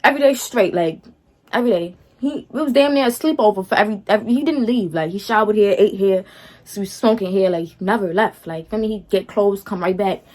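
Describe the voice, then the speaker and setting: A woman's voice: mid-range voice, fast, a little mellow. A young woman telling a personal story to her viewers in a sassy, slangy, dismissive way, often checking in with "feel me?". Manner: slangy, talks straight to viewers, keeps asking "feel me?". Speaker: storytime vlogger.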